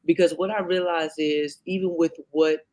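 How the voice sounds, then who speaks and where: A man with a fairly high voice co-hosting a faith talk show. He works through Bible lessons point by point, stumbling and restarting as he goes. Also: fairly even intonation, moderate pace, a little mellow. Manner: counts off points, many restarts and fillers. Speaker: co-host.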